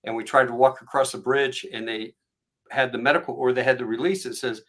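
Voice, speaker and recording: A middle-aged man hosting a podcast, telling stories in a casual, animated way and acting out the voices of the people in them. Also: mid-range voice, quick pace. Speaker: podcast host. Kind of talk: casual storytelling chat.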